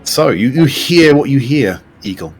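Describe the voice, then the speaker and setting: Lively male game master. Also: medium pitch, moderate pace, a little hiss or hum. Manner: lively, explanatory, jokey. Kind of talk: running a tabletop game.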